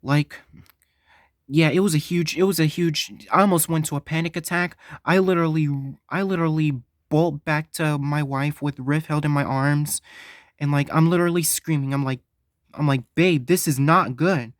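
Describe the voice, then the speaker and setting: A man's voice: on the high side, steady tone, no room sound. Guy rambling thru a storytime vlog, keeps restarting, dry mic. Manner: halting, stumbling, repeats himself. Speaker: vlogger.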